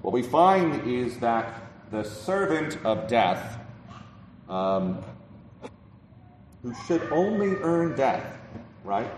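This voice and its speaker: A man's voice: medium pitch, very animated, extremely slow, long pauses, a little hiss or hum. A man preaching a sermon in a conversational way, with many ums, restarts and repeated "right?". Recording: roomy hall from a distance.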